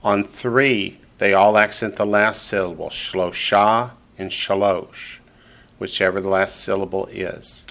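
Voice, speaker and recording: A male teacher with a somewhat low-pitched voice leads a classroom lesson. He echoes each student's answer back to them, then explains the point patiently and step by step. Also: fairly even intonation, normal speed, gravelly, few pauses, a bit bright. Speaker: Hebrew teacher.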